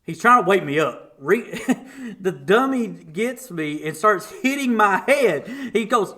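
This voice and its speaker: Here the podcast guest speaks in a high voice, a little slowly and with few pauses, as he tells a story casually. Animated throughout, he keeps laughing and imitates the people he's describing.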